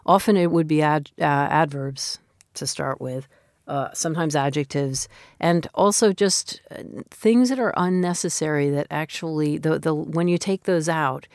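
A woman's voice: low voice, normal speed, a little mellow, no echo, studio quality. A woman in her fifties, a novelist speaking in an interview, talking in a thoughtful, reflective, conversational way. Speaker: novelist guest.

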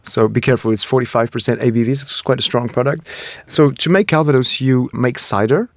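A man from France with a French accent, a spirits brand co-founder explaining his product in a relaxed interview, with many fillers. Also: medium pitch, fairly quick, no echo. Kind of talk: conversational interview.

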